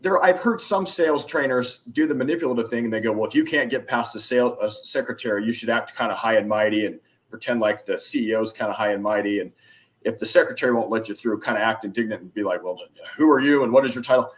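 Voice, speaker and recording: A man telling sales stories as a podcast guest, acting out the dialogue with lively shifts in his delivery. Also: lowish voice, quick pace. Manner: animated, acts out dialogue in anecdotes. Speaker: podcast guest, influence expert. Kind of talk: casual storytelling interview.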